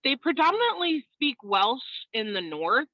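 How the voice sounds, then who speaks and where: A woman tells her story over a video call, animated and quick to laugh. The audio is a little dull and lo-fi, with a dry, close sound and no room around it. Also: high voice, dry recording. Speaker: interview guest. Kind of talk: casual video call chat.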